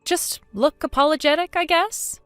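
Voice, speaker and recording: A woman voicing a sharp-tongued young mother in a dramatized story, talking coldly, mocking and accusing. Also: high voice, normal speed, dry recording, faint music behind.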